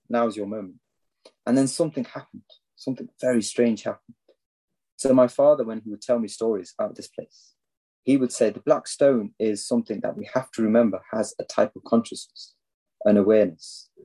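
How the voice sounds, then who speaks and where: A man from England telling a long personal story as a podcast guest, animated and acting out what others said. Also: on the low side, slightly rough, rough recording. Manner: animated storyteller, acts out quoted speech. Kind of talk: storytelling in a casual interview.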